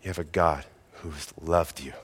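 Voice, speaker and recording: A man's voice: rumbling low, fairly even intonation, unhurried, husky, in a large hall. A man preaching a sermon as pastor, earnest and emphatic.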